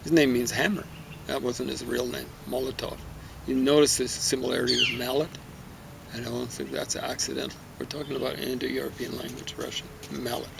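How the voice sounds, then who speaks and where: A man with a gravelly, creaky voice talks through a book review in a loose, rambling way, often tripping over names. He is recorded outdoors in a garden, with clear background noise and passing vehicles. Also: medium pitch, little pitch movement, a little fast. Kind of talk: casual spoken book review.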